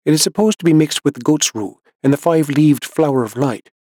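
A man's voice: fairly high pitch, big pitch swings, fairly quick, a little mellow, breathy edge, no room sound, studio quality, voice pushed up. A man voicing an eager male companion who blurts out his lines in a raised voice.

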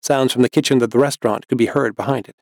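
A man narrating a story in a steady, even scripted reading. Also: mid-range voice, fast talker, dry recording. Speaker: audiobook narrator.

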